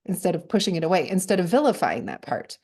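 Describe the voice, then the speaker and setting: A woman speaking as a guest poet in a reflective conversation, halting and thoughtful, with soft laughs between her words. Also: fairly low pitch, very animated, husky.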